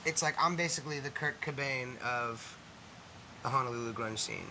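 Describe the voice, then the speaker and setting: Bright-voiced slacker waiter, riffs aimlessly, some shouting, film outtake. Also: male voice, mid-range voice, normal speed, slight background noise. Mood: rambling. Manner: rambling comic riffs, bursts of shouting.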